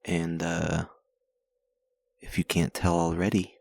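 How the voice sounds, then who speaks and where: A man's voice: low-pitched, completely flat delivery, slow pace, vocal fry, a little mellow, no echo. A man hosting his own podcast, rambling in a crude, joking way while recovering from a sinus infection. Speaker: podcast host. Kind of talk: casual solo podcast monologue.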